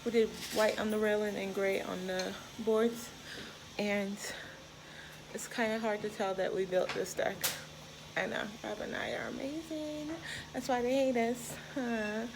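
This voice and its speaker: A woman's voice: medium pitch, steady tone, a little slow, background noise. A woman chatting casually in her day-in-the-life vlog as a mom, talking to her toddler and to the camera in her home kitchen. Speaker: vlogging mom. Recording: kitchen clatter of dishes and pans.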